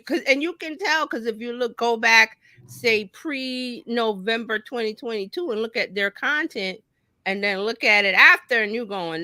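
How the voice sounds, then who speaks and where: Casual and folksy, a woman marketing coach explains things on a talk show, bringing them to life by acting out little quoted voices. Her pitch is fairly high, her pace moderate, and the recording has no echo.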